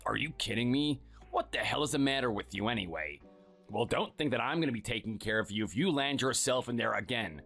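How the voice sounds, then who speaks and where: A man's voice: expressive, fairly quick, creaky, a bit bright, faint music behind. A man playing a scornful, bossy husband who belittles his spouse, in a dramatized story. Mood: contemptuous. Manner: sneering and dismissive, low and clipped.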